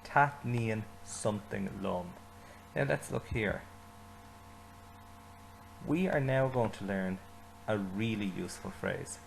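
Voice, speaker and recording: Man, language teacher, patient step-by-step lesson, gravelly voice, faint noise behind. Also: lowish voice, poor audio. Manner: slow repetition, leading learners to say phrases with him.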